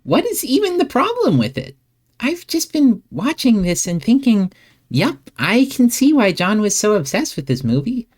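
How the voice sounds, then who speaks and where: A woman voicing a cheerful, easygoing teenage girl who teases with upbeat disbelief. Her pitch leaps up and down a great deal. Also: sing-song, moderate pace, darkish tone. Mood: reasoning. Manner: upbeat, teasing and incredulous. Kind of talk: fan voice-acted comic reading.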